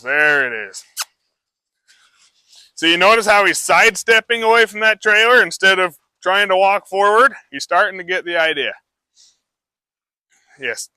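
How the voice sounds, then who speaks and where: A man's voice: high voice, normal speed, long pauses, pushed and bright, dry recording. Easygoing man explaining horse training. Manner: casual, rambling explanation with many fillers. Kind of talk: live horsemanship demonstration.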